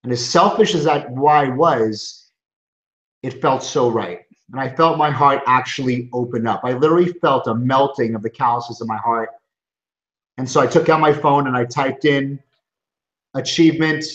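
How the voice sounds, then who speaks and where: A middle-aged man, a chiropractor, giving an earnest, emphatic motivational webinar talk from his office, often restarting his sentences. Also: mid-range voice. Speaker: chiropractor and coaching group founder. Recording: roomy, dull lo-fi sound.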